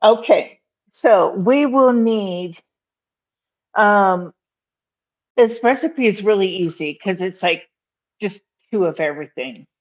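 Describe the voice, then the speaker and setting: A chatty woman rambles through a home cooking video, filling pauses and laughing often. She talks in a slow, unhurried way. The sound is dull and lo-fi. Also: mid-range voice, expressive. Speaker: cooking vlogger. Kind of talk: casual cooking chat to camera.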